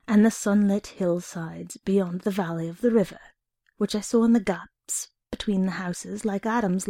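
A woman reading a short story aloud in an expressive first-person narration. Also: mid-range voice, gravelly, no room sound, clean studio sound.

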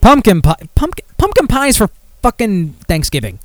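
A man hosting a podcast, rambling and talking bluntly with plenty of swearing in a slightly high voice. The sound is close and dry, with no room echo. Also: wildly swooping pitch, normal speed. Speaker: podcast host. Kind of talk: casual chat.

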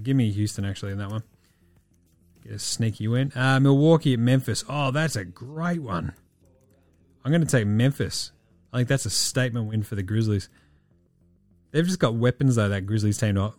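A man in casual podcast chat, rattling off quick-fire picks in a breezy, swearing way. His voice sits at an everyday middle pitch. The sound is close and dry, with faint music underneath. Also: darkish tone, dry recording. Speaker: podcast host.

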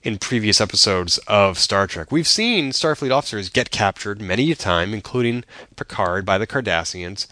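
A man's voice: on the low side, expressive, normal speed, few pauses, pushed and bright, no room sound. A man co-hosting a podcast, recapping an episode in casual chat with wry, joking asides. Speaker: podcast co-host.

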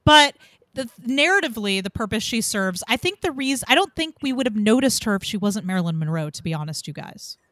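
A woman's voice: fairly high pitch, expressive, fairly quick, fairly bright tone, no echo. A woman hosting a casual discussion show, talking her thoughts through at length and steering the conversation. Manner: thoughtful, circling back to her point. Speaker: podcast host.

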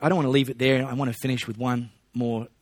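A man preaching a sermon in a relaxed, conversational way, with joking asides to the congregation. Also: medium pitch, fast talker, no room sound, clean studio sound. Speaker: pastor.

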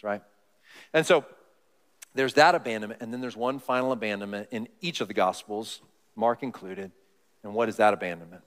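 A man preaching a sermon, telling the story with animation and acting out the voices of the people in it, then dropping low and quiet for the solemn parts. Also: fairly even intonation, moderate pace, long pauses, big-room sound. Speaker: pastor.

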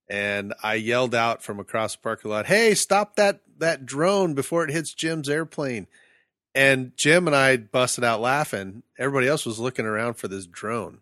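A man's voice: lowish voice, no echo, studio quality. A man co-hosting a casual podcast, telling stories with lots of laughter and acted-out quotes. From Phoenix area. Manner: animated storyteller, laughs often, acts out quotes. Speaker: podcast co-host. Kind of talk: casual chat.

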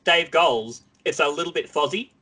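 A man's voice: on the high side, moderate pace, pushed and bright. A man chatting as a podcast guest, eager and joking, trying out impressions. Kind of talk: casual chat. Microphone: headphones, podcast mic.

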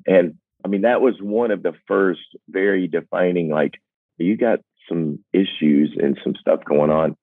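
Low-voiced older man, phone-thin and dry. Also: no echo. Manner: earnest and reflective, self-deprecating, halting restarts. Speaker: singer-songwriter guest. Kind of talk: candid personal storytelling. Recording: dry, phone-like narrow sound.

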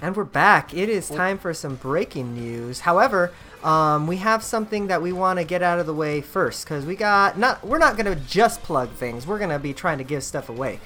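A man's voice: a little high, expressive, moderate pace, hardly any pauses, bright, forceful tone. A chatty male podcast host with an easygoing, upbeat delivery. He talks loosely over a faint bed of music. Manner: upbeat, chatty, laughs easily. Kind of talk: casual podcast chat.

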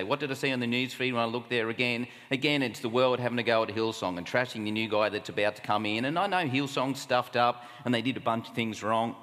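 Australian man, sermon, conversational, rhetorical questions, mid-pitched, long hall reverb. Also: a bit bright. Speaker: camp speaker.

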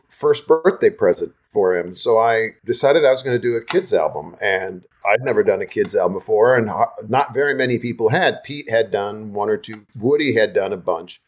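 An older man, a guest songwriter, telling stories in a chatty, animated interview style. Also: on the low side. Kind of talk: casual interview storytelling.

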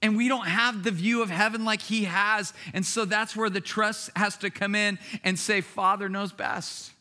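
A man with a high, bright, ringing voice preaching a sermon. He is middle-aged and talks to the congregation like a friend, then rises into excited shouts. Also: moderate pace. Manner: lively, conversational preaching with bursts of shouting. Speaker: pastor.

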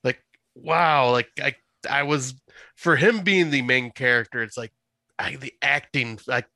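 A man's voice: medium pitch, unhurried, pushed and bright, no echo. A man who is a guest on a podcast, agreeing with the host and chiming in with short replies as they discuss a movie.

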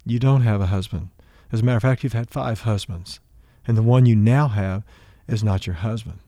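Calm patient Jesus, a male preacher retelling him, warm low tone, dry sound. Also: brisk, no room sound, lightly acted. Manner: plain conversational retelling with everyday words.

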